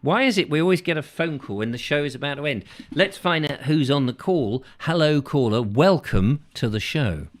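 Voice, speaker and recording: A man hosting a call-in show, chatting casually with rambling jokes and a jumpy, lively delivery. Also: normal speed, few pauses. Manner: rambling, jokey, with pitch jumps. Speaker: host. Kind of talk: casual comedic chat.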